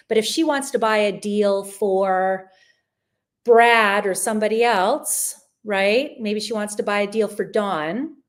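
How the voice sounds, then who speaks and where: A woman hosting a live online travel sale, chatting in an upbeat, rambling way as she presents deals and answers viewer questions. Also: medium pitch. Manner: chatty and upbeat, with frequent restarts. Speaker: livestream sale host. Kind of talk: live shopping stream presenting.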